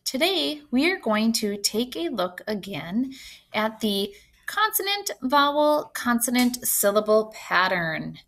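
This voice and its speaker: A woman teacher giving an online phonics lesson to young children, speaking slowly and clearly and sounding out words with encouragement. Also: fairly high pitch, very animated, a bit bright.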